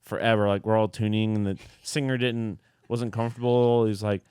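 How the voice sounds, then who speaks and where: A man's voice: on the low side, steady tone, fairly quick, a little mellow, smooth, no echo, studio quality. A man co-hosting a podcast, telling rambling stories full of fillers as a touring musician. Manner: rambling, filler-heavy storytelling. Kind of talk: casual podcast chat.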